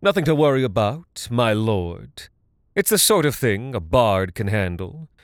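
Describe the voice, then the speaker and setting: A man's voice: mid-range voice, very animated, takes it slowly, no echo, studio quality, pitched above the performer's own voice. A man voicing a scheming, lying male bard who rallies crowds and sneers at his lord. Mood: urging. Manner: forceful, persuasive, sneering.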